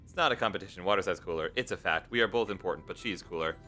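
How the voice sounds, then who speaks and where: A man's voice: deep voice, racing, bright, forceful tone, faint music behind. A young man streaming a game late at night, chatting casually, reading viewers' messages aloud and encouraging them. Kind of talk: casual live-stream chat while gaming.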